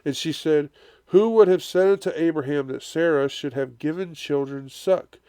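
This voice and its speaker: A man's voice: a little high, moderate pace, dark tone, clean tone, no echo. A man preaching a conversational Bible-study sermon as pastor, often checking in with his listeners with "right?", and sounding congested with a cough. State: congested, coughing and blowing nose.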